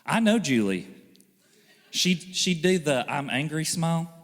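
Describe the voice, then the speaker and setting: Animated preaching man in reverberant church. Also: a little high, unhurried. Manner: animated, joking, acts out quoted voices. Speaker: pastor. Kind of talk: sermon. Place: church hall.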